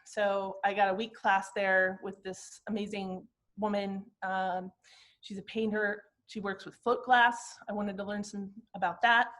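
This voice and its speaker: A woman in her fifties, a glass artist, talking through slides of her own work in a reflective, halting, personal way. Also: mid-range voice, level tone, fairly bright tone. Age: 50s.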